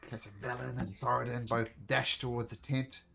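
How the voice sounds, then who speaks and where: A man narrating as game master of a tabletop game, talking in a relaxed, polite way. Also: medium pitch, a little fast, vocal fry.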